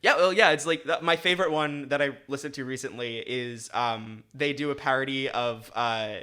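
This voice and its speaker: A man's voice: medium pitch, normal speed, bright, forceful tone, clear, resonant tone. A young man hosting a podcast, chatting casually and rambling, often correcting himself mid-sentence. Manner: rambling, self-correcting, upbeat. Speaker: podcast host. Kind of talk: casual chat.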